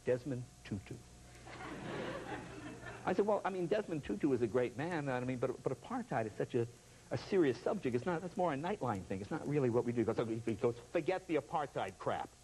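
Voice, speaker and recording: Animated comic storyteller man. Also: mid-range voice, fast. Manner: animated, laughing, full of voices and sound effects. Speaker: talk show guest. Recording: noisy television studio audio.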